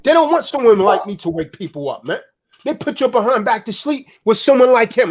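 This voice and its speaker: A man's voice: extremely high pitch, lively intonation, brisk. A man delivering a heated, profane political rant in a preaching manner, tagging "man" onto his lines.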